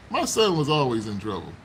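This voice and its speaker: This casual live-stream features a man at home on his phone, swapping chat with viewers and sharing childhood memories with frequent laughter. He talks at a moderate pace in a medium pitch with huge swings, over a rough recording with a little hiss or hum.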